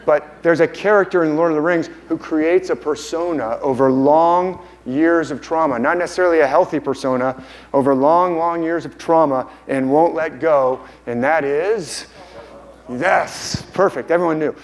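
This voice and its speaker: A man's voice: on the high side, moderate pace, low-quality recording. A man giving a conference lecture with enthusiasm, often repeating and restarting phrases. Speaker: conference speaker. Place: conference hall.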